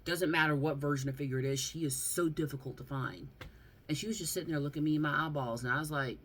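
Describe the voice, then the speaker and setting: Low-voiced Southern woman chatting. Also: fairly even intonation, fast talker, a little hiss or hum. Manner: chatty, goes off on rants, laughs often. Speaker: vlog host showing her figure collection. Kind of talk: casual chat.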